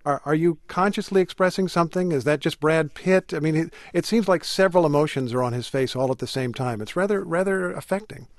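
A male interview host asking measured, articulate questions. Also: on the high side, dry recording. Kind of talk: radio interview.

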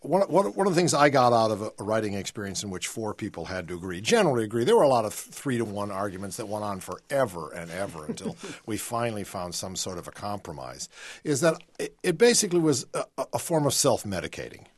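An older man speaking as a radio guest, reflective and halting, often restarting his sentences. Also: on the low side, very animated, no room sound. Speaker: guest comedy writer. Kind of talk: casual radio chat.

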